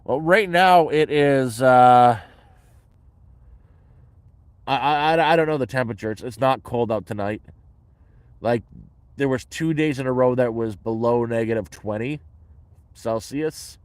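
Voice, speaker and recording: A man speaks in a blunt, matter-of-fact way, dropping the odd swear word into casual talk. His voice sits at an ordinary middle pitch. The sound is close and dry, with no room echo. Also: measured pace, long pauses, clean tone. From Canada. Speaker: vlogger answering viewer questions. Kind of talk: casual chat. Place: his shelter.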